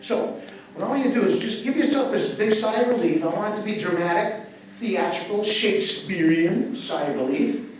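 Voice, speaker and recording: An older man teaching breathing to a live audience, animated as he guides them through each breath. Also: high-pitched, moderate pace, slight background noise. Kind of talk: live workshop talk to an audience. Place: live event venue. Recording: echoey event space, mic from far off.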